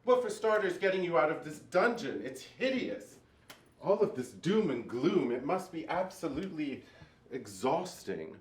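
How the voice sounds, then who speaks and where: An actor playing a flamboyant, sarcastic male djinn spirit who speaks with theatrical, drawn-out emphasis in a film drama. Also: fairly high pitch, big pitch swings. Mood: brisk, sarcastic. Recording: roomy echo with faint music.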